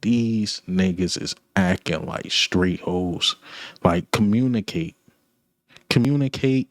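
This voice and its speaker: A man's voice: low voice, takes it slowly, no room sound, studio quality. A man ranting about his football team, blunt, frustrated and repetitive, in casual sports talk. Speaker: sports commentator.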